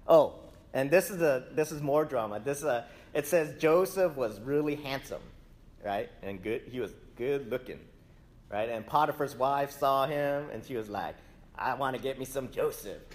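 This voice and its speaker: A man giving a casual sermon, retelling a scripture story with lively, acted-out dialogue. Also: medium pitch, moderate pace. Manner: animated storytelling, acts out quoted characters.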